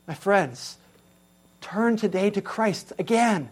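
A male pastor delivers an earnest sermon. He shifts between raised exclamations and hushed, quiet passages, speaking with steady conviction. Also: high-pitched, takes it slowly, slightly rough.

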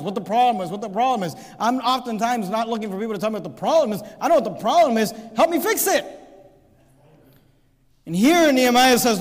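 A man preaching a sermon, reading scripture aloud and building to emphatic, shouted points. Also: sits high, long reverb tail. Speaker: pastor.

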